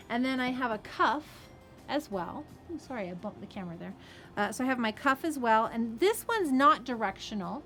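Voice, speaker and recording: A woman's voice: a little high, fairly bright tone. A woman who runs a fabric shop, explaining a sewing project in a chatty, casual way and checking in with "okay?" as she goes. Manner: chatty, friendly asides, frequent "okay?" and "right?".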